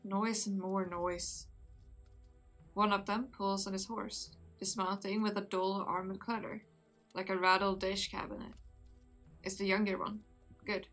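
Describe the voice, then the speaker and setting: A woman's voice: medium pitch, flat delivery, a little slow, pauses often, a bit bright, soft background music. Giggly woman streamer reading a story. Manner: giggly, chatty with viewers. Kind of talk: casual live-stream chat and story reading.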